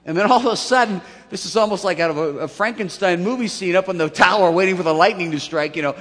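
A man preaching a sermon, telling the story with lively acted-out voices and jokes. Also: sits high, quick pace, few pauses. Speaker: pastor. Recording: long hall reverb.

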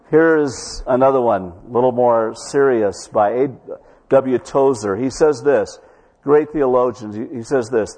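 A man preaching a sermon in church, telling a story and slowing down to stress key words. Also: mid-range voice, darkish tone, long reverb tail. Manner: storytelling preacher, slows for emphasis. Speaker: pastor.

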